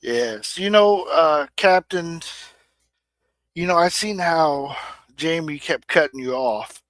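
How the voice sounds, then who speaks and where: A man's voice: fairly high pitch, slow, a bit bright, no room sound, rough recording. A middle-aged man from Indiana with an American Midwestern accent, hosting a casual livestream chat in a plain-spoken, emphatic way. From Indiana, USA. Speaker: livestream host.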